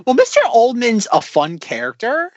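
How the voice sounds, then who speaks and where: Lively, rambling man in casual chat. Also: very high-pitched, normal speed, highs cut off, very noisy. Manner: rambling, many fillers. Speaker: podcast co-host.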